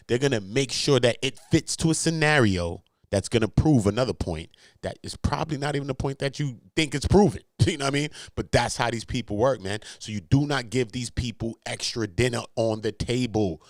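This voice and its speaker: A male commentary host ranting in loose street slang and swearing freely. His voice sits at a middle pitch. The sound is dry, with little room echo. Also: brisk. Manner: brash, swearing, laughing, slangy. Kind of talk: casual commentary.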